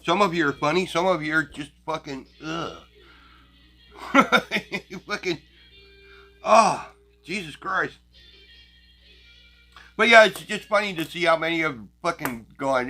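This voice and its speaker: A crass, foul-mouthed man rants at his viewers in a casual talk show, his voice sitting a little high and sounding sharp and forceful. He talks bluntly and mocks his audience with scorn, and faint music plays behind him. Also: expressive, unhurried, long pauses. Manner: crass, blunt and heavily profane. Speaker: channel host. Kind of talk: profane casual rant to viewers.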